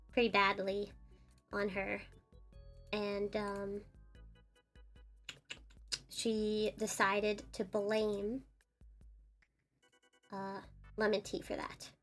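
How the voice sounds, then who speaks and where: A woman's voice: mid-range voice, steady tone, slow pace, long pauses, pushed and bright, faint music behind. A woman streamer telling an upsetting personal story in a casual, earnest way. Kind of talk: casual storytelling while drawing.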